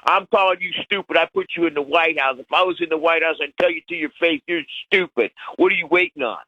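A man's voice: fairly high pitch, quick pace, no room sound, lo-fi sound. A man ranting on talk radio, blunt and repetitive, insulting his targets. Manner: loud, blunt, repeats words. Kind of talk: angry talk-radio rant.

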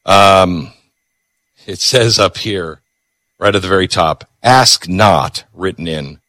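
A man hosting a radio talk show, ranting sarcastically in an animated monologue from the studio. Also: low-pitched, takes it slowly, no room sound.

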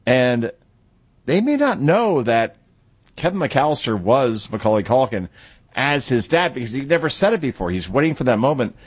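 A man's voice: medium pitch, very animated, normal speed, husky, no echo. A middle-aged man hosting a radio talk show in a chatty, conversational way with plenty of asides.

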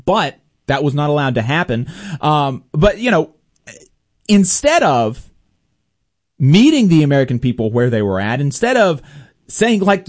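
A male host delivers casual political commentary in a fairly high voice that swings widely in pitch. He sounds exasperated and sarcastic, often restarting his sentences. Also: very animated, a little slow, pauses often.

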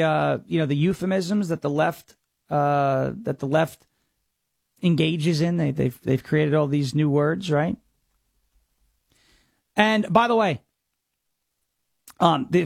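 A man's voice: a little high, vocal fry, dry recording, clean studio sound. A man from the United States hosting a political commentary podcast, mocking and sarcastic, rambling with many restarts. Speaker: host.

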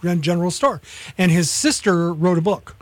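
High-voiced chatty male radio host. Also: normal speed, no echo. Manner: rambling, nostalgic, chatty with restarts. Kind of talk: casual local radio chat.

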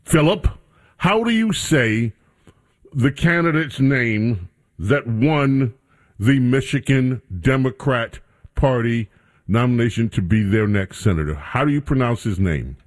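A man's voice: mid-range voice, expressive, unhurried. A man hosting a talk radio show, bantering with his studio crew in a casual commentary style.

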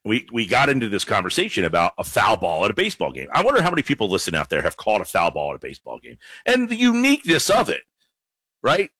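Animated guy hosting sports talk radio, bright voice, dry close sound. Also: on the low side, no echo. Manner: lively, animated, quick play-by-play bits.

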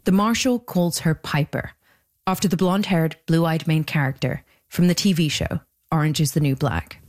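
A woman hosting and narrating a true-crime documentary podcast in a measured scripted read. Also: sits low. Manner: measured, even delivery.

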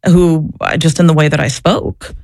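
This woman's voice sits low and is a little mellow, moving at a moderate pace with no echo. An interview guest with a past in abortion clinic work, she shares personal anecdotes conversationally, candid and reflective, often repeating words and starting sentences over.

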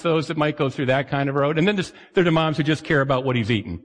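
A man preaching a sermon as pastor, conversational and animated, sometimes acting out the voices of the people he quotes. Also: on the high side, fast talker, few pauses. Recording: long hall reverb.

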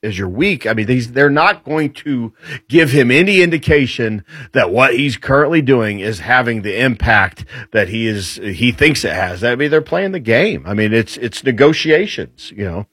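A man speaking as a guest commentator on military affairs, laying out his points in a lively, rambling way. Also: medium pitch, normal speed, breathy edge, no room sound. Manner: lively explainer, rambling with restarts. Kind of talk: casual political talk.

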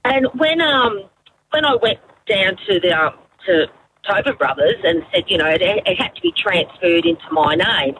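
A woman phones in to talk radio and tells a story with plenty of fillers. Her pitch swings widely as she talks, and faint ambient noise sits behind her. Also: normal speed. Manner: animated storytelling, hesitant fillers. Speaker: caller.

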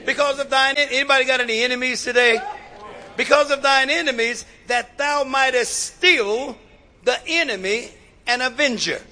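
High, bright-voiced preaching man. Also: brisk. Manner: preaching with call-and-response and repeated "watch this"; swings between shouting and hushed delivery. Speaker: pastor. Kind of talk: sermon.

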